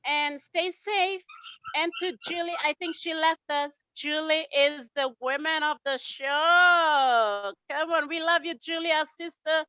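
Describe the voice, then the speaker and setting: A woman hosts a webinar, heaping praise on each attendee in a rallying, effusive way. Her voice sits high and sounds bright and sharp. The sound is dry and muffled, like a lo-fi video call. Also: a little slow, no echo. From Papua New Guinea. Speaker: webinar host. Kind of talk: upbeat online webinar shout-outs.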